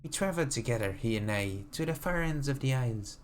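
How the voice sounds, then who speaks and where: A streamer voicing a sweetly sinister old grandmother, reading slowly in a doting, sing-song manner from a desk mic at home. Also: mid-range voice, lively intonation, slight background noise, close to an everyday voice. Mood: creepy doting. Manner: slow, sing-song, doting "dearie" refrain. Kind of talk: reading a game note aloud in character.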